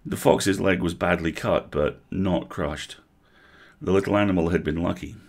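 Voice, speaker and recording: Male storyteller, deep voice with gravel, reads aloud in an expressive, vivid way. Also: moderate pace. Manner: vivid, animated narration. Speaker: storyteller on a livestream. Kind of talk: expressive book reading.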